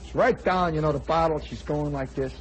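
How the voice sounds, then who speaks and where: A man in his forties, a radio host telling a comic personal story in an animated way, now and then shouting for effect. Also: fairly high pitch, brisk, poor audio. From United States. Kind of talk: spoken storytelling monologue. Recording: old radio broadcast with faint crowd and noise.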